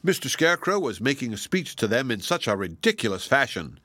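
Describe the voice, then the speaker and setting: A man narrating a children's storybook with lively, expressive delivery. His voice is bright and forward, and the recording is dry and close. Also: mid-range voice, brisk, breathy edge, no room sound. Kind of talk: storybook reading.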